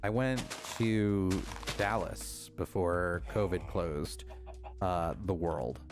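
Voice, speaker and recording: A man's voice: sits low, slow. A man streaming a game, chatting casually and rambling to himself with frequent chuckles. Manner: rambling, self-talking, chuckles often. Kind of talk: casual live-stream chat while playing.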